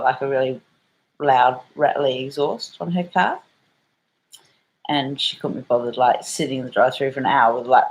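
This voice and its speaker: A woman's voice: very deep voice, low-quality recording. A middle-aged woman with an Australian accent, telling a rambling story for her vlog in a chatty way, full of slang and the odd swear word. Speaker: vlogger.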